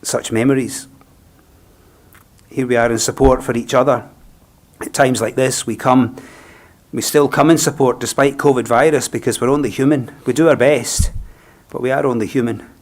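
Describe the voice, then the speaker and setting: A man with a Scottish accent, a funeral celebrant speaking a eulogy in a gentle, reflective, unhurried way. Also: mid-range voice, steady tone.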